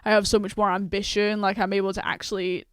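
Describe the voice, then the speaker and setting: A woman's voice: medium pitch, flat delivery, clear, resonant tone, no echo, clean studio sound. A woman giving casual, rambling reaction commentary in a chatty way. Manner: chatty, rambling, quick to laugh. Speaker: reaction YouTuber.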